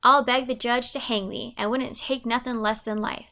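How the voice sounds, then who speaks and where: A bragging young man trying to outdo his rival for a girl, as a woman reads him aloud. Big declarations in rural dialect, delivered with a gravelly fry. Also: a little high, steady tone, moderate pace, bright, forceful tone. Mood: boastful. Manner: bellowing, showy boasts in dialect. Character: boastful young man courting at a porch.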